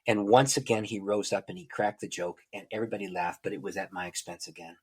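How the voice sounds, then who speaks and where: A man's voice: low voice, fairly even intonation, fast, a little mellow, slightly rough. A man, a guest on a podcast, telling a personal story and acting out the dialogue. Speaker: guest author and prayer teacher.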